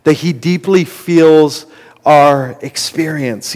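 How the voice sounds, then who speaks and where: A male pastor delivers a sermon in an earnest voice that sits a little high. He builds to impassioned emphasis. His words echo with the long reverb of a hall. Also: measured pace.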